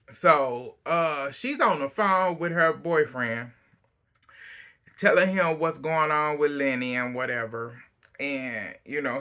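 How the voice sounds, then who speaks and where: Chatty man recapping a reality show. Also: a little high. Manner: chatty, opinionated, quotes himself in animated asides. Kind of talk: casual episode recap.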